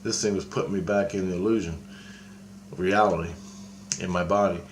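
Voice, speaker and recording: A man with a fairly low voice tells a long personal story in a loose, casual way. He stops, restarts and circles back often, dropping in the odd swear word, with a faint hum under the recording. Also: fairly even intonation. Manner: rambling and halting, with frequent restarts and casual swearing. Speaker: storyteller recounting a personal experience. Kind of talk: casual spoken anecdote.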